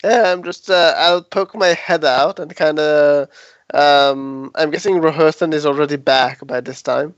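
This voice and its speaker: A man playing a tabletop game, hesitant with many ums and quick to giggle. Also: on the high side, steady tone, dry recording, lo-fi sound. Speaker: player. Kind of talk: tabletop role-play.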